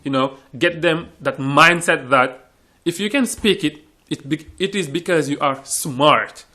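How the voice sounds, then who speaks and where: A man's voice: fairly high pitch, unhurried, pushed and bright. Earnest man, English teacher. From Senegal. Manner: earnest, repeats words while searching for phrasing. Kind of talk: panel discussion.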